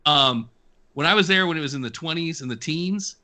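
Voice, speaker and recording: A man chatting as a podcast guest, telling stories in an easygoing, measured way. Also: fairly high pitch, lively intonation, bright, forceful tone. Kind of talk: casual podcast chat.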